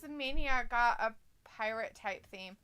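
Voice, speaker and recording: Woman co-host, high and bright, reads chat aloud, laughs a lot. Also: a little slow, clean tone. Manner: reads viewer comments aloud, laughs often. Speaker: live-stream co-host. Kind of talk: casual watch-along chat.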